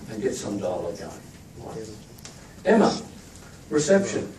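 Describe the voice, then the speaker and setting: A man's voice: mid-range voice, normal speed. A man gives a chatty, joking speech at a staff event, introducing team members to a crowd. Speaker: institute leader presenting staff. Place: echoey event room with a crowd. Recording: echoey room, distant mic, crowd noise.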